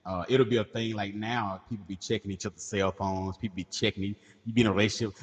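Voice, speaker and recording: A man's voice: fairly low pitch, steady tone, fast talker, slightly rough. Slangy man riffing in a big reverb. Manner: riffs on absurd hypotheticals, slangy and loud. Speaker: podcast co-host. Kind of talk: crude comedic banter.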